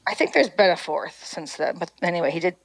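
A woman telling a story in casual chat, lively and animated, acting out quotes. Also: brisk, creaky, low-quality recording. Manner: lively, acts out quotes in a higher voice. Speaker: storyteller guest.

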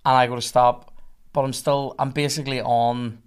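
Telling a story full of profanity, a young man appearing on a podcast animatedly voices everyone else involved. His mid-range voice comes through clean, at a moderate pace.

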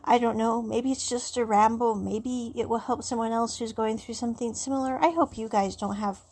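Husky-voiced woman rambling on a podcast. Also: fairly high pitch, steady tone, moderate pace, darkish tone. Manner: rambling and reflective, many "you know" fillers. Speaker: podcast host. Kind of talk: solo rambling podcast monologue.

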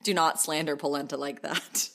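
A young woman co-hosting a podcast in crude, casual comedic chat, laughing often and jumping into high quoted voices. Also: steady tone, normal speed, vocal fry, fairly bright tone. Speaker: podcast co-host.

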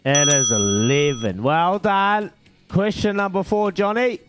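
A man's voice: high-pitched, unhurried, loud music behind the voice. A man hosting a radio phone-in quiz, bantering matily with callers. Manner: upbeat, matey banter with callers. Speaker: radio breakfast host.

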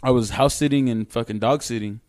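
A man's voice: medium pitch, brisk, darkish tone, no echo. Man, mid voice, dry sound, podcast guest, rambling, swearing. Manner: rambling anecdotes, heavy swearing. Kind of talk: casual chat.

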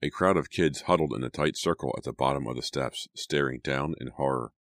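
A man narrating a teen horror audiobook in a steady, dramatic storytelling manner. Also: very deep voice, a little fast, no room sound, studio quality.

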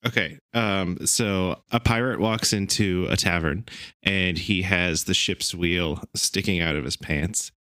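A man's voice: low voice, measured pace, pushed and bright, no room sound, clean studio sound. A man co-hosting a casual podcast, earnest and a little self-deprecating. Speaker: podcast co-host.

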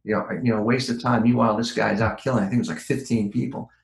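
A man's voice: on the low side, steady tone, racing, vocal fry, reverberant, rough recording. An older man, a guest on a podcast, telling rambling stories from his career with many restarts and fillers. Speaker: guest, former criminal profiler. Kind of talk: podcast interview storytelling.

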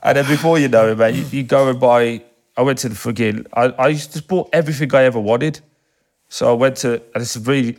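A man, telling stories from his past in a casual interview, swearing freely and acting out other people's voices when he quotes them. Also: medium pitch. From England. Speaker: guest, football captain.

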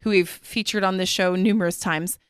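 A woman's voice: lowish voice, brisk, clear, resonant tone, no room sound, studio quality. A woman hosting a podcast, chatting frankly and expressively with plenty of swearing. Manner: blunt, expressive and profane. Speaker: podcast host. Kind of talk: frank casual chat.

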